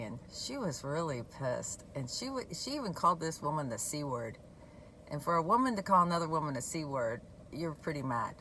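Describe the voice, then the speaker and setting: A woman talking candidly and conversationally about her own recovery, sharing a personal story in a relaxed way. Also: low-pitched, a little hiss or hum, low-quality recording. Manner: candid, conversational, laughs at herself. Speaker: recovery blogger. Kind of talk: personal testimony talk.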